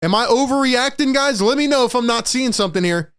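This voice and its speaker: A young man hosting a fan live stream, calling the game play by play with excitable, frustrated energy and talking to his chat. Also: very high-pitched, a little fast, clear, resonant tone. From Philadelphia area.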